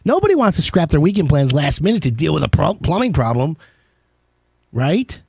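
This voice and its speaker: A man's voice: on the high side, sing-song, normal speed, creaky, warm tone, slightly rough, no room sound, clean studio sound. A man hosting a live home-services call-in show, chatting casually with jokey, rambling asides. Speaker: radio show host. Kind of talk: casual call-in radio chat.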